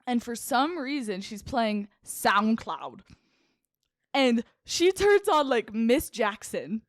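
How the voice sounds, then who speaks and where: A young woman with a high, bouncy voice that swings all over as she tells a giggly story, leaning on "like" again and again. She sounds close and dry, with no room around her. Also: slow, dry recording. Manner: giggly, animated, lots of "like" fillers. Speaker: podcast co-host. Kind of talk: casual storytelling chat.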